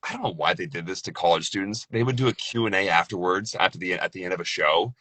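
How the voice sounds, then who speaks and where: Tipsy low-voiced man, dry close mic. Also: fast, bright, forceful tone, no room sound. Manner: loose, joking, laughs often. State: a few drinks in. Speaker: voice actor guest. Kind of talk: casual tipsy chat.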